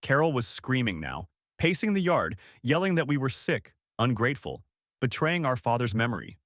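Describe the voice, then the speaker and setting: Male storyteller, dramatic first-person narration, animated pitch, dry close sound. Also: moderate pace, dry recording.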